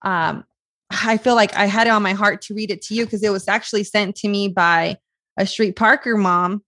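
A woman's voice: mid-range voice, fairly even intonation, moderate pace, a bit bright, no room sound. A woman hosting a podcast over a video call, emotional and gushing, often close to tears as she thanks her guest. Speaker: podcast host. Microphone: video call audio.

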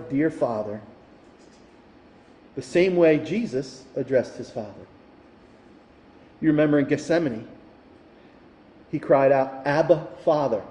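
A man's voice: mid-range voice, dark tone. A male pastor preaching a sermon that builds to fervent emphasis. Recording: echoey hall, reverberant.

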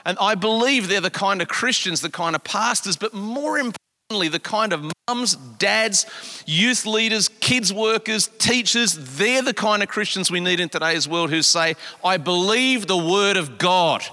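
Bright-voiced pastor preaching in a hall. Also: male voice, high voice, animated, normal speed. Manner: emphatic preaching, swinging between hushed and raised lines. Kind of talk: sermon. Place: large church auditorium. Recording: long hall reverb.

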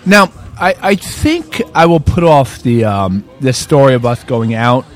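A man's voice: medium pitch, big pitch swings, measured pace. Male podcast co-host, casual and rambling, faint bar music behind. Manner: rambling, many restarts and fillers. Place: bar at a resort, indoors.

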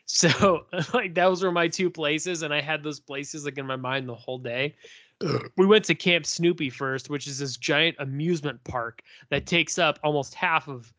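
Bright-voiced man, laid-back. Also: a little high, normal speed, no echo. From North Dakota. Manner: laid-back, profane, rambling with fillers. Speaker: podcast guest. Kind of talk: casual podcast chat.

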